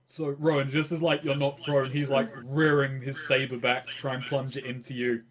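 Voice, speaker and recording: A man running a tabletop role-playing game among friends, with a relaxed, easygoing delivery. He narrates scenes and explains rules in plain conversational speech, with a middling pitch. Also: normal speed. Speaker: game master.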